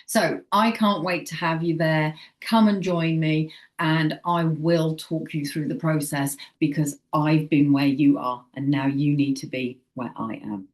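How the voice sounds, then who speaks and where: Chatty woman, low voice. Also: fairly even intonation, a little slow, few pauses. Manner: chatty, acts out quoted inner voices, frequent "okay?". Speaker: psychic medium vlogger. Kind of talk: casual direct-to-camera advice.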